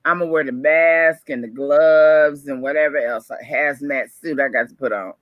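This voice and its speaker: A woman's voice: low voice, moderate pace, no echo. A woman co-hosting a morning radio show, chatting casually with strong opinions and frequent laughs. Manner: lively, opinionated, laughs often.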